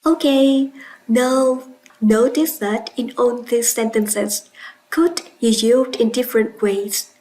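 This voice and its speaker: Slow, high-voiced Vietnamese woman teacher. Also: a little mellow, low-quality recording. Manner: slow, clear, instructive with praise. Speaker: English teacher. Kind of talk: classroom lesson.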